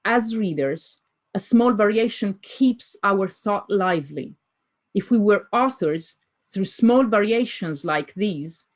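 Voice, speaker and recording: A woman giving an academic lecture, reading poetry closely with deliberate emphasis. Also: medium pitch. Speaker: conference speaker.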